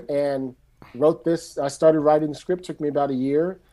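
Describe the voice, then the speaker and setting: A middle-aged man from San Francisco, a screenwriter telling his story in a loose, animated, casual way and swearing freely. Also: a little high, unhurried. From San Francisco, USA. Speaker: screenwriter guest.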